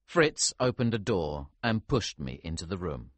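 A man with a low, husky voice narrates a storybook in the first person. His delivery is lively, rising and falling widely. The sound is dry and close to the mic. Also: measured pace, no room sound. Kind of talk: storybook reading.

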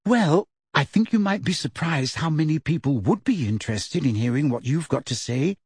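A man voicing an earnest, eager teenage girl student witch in a husky, raised voice in an audiobook reading. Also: sits high, sing-song, normal speed, a little mellow, no echo, clean studio sound, voice pushed up, heavily acted. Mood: serious, persuasive. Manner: raised, earnest, persuasive delivery. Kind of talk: audiobook character voice.

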